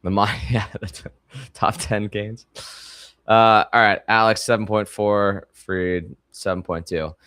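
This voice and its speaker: A man co-hosting a podcast in casual chat, talking in a halting way with frequent restarts. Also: on the low side, little pitch movement, a bit bright, clean tone, dry recording. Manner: halting, many fillers and restarts. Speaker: podcast co-host.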